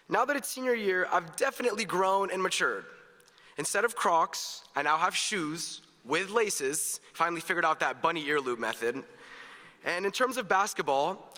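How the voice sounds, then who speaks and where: A man's voice: a little high, sharp tone. A young man in his late teens giving a prepared graduation speech as a student speaker, with lighthearted, self-deprecating humor. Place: large hall at a graduation ceremony. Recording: reverberant large hall.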